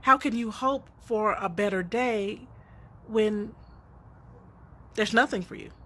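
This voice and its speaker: A woman's voice: mid-range voice, slow, pushed and bright. A middle-aged woman telling a personal story in a reflective way, often laughing as she speaks.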